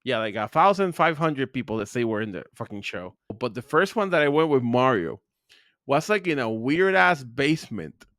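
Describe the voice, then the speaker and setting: A man hosting a podcast, telling rambling, crude stories full of filler words and getting animated as he goes. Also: moderate pace, dry recording, studio quality. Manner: animated, pitch rising when excited. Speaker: podcast host. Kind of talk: casual storytelling chat.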